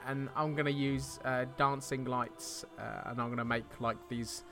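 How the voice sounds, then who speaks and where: A man's voice: mid-range voice, steady tone, normal speed, creaky, over music. A man playing a tabletop role-playing game, chatty and stammering, with frequent laughter. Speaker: player. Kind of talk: tabletop role-play banter.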